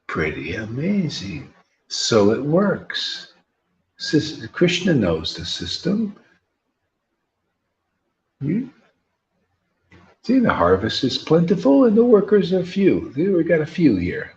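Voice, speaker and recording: A man giving an informal devotional sermon as a spiritual teacher, animated and joking in a preacherly way. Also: a little high, slow pace, pauses often, highs cut off, a little hiss or hum.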